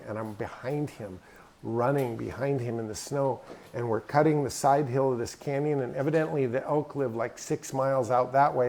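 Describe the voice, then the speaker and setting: A man's voice: mid-range voice, a little mellow. A middle-aged man speaking at an event in a hangar, telling a folksy, emphatic story in a drawling manner. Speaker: guest speaker. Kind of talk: storytelling talk.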